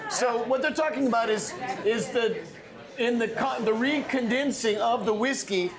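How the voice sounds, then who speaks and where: A man's voice: very high voice, moderate pace. A man hosting a live whisky tasting, asking questions and explaining terms for the audience. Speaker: host of the tasting event. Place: event room with audience. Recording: crowd noise behind.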